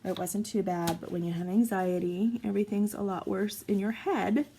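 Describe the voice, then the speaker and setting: A woman's voice: medium pitch, steady tone, normal speed, warm tone, slightly rough, low-quality recording. A woman in her forties, a mom chatting casually and rambling through a story while crafting at home. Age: 40s. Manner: chatty, rambling, self-mocking.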